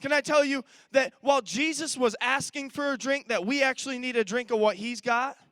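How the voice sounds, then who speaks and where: A man's voice: very high-pitched, fairly quick, pushed and bright, clean tone, dry recording. A man preaching a sermon as pastor, emphatic and repetitive, stumbling into restarts as he builds his point.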